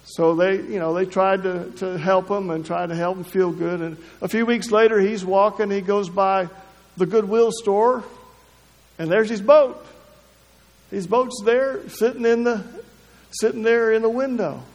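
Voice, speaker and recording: Man, pastor, sermon, halting delivery, gravelly, echoing hall. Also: high-pitched, steady tone. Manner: halting, with many restarts and repeated words. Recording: long hall reverb.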